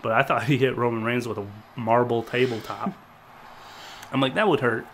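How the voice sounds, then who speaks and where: A man's voice: mid-range voice, level tone, moderate pace, a little hiss or hum. Rambling man reviewing a show. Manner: rambling, hesitant with many fillers. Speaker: podcast co-host. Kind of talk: casual review chat.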